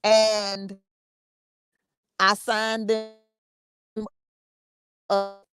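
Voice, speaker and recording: A woman hosting a show, sharing a personal story in a casual, halting way with many repeats and laughs. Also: mid-range voice, monotone, fairly bright tone, clean tone. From United States. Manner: conversational, repeats words, laughs often. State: emotional, fighting tears. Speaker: podcast host.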